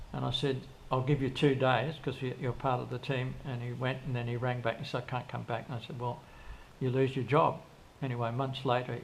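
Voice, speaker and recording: An older man with a gravelly, creaky voice recounts his life in a loose, rambling way, acting out both sides of old conversations. He restarts sentences often and circles back as he goes. A faint hum of background noise sits under the recording. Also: mid-range voice. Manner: rambling, with frequent restarts and quoted dialogue. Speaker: interview guest. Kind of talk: casual storytelling in an interview.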